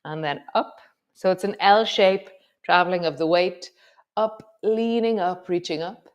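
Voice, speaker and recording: A woman teaching a yoga class, giving calm, slow movement cues with soft trailing words. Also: fairly low pitch. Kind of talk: guided yoga class instruction.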